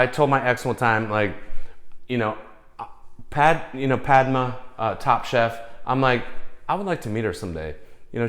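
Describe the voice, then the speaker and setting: A man's voice: fairly low pitch, a bit bright, roomy sound. Profane rambling man telling stories. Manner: rambling, profane, acts out quoted voices. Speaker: storyteller. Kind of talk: casual storytelling.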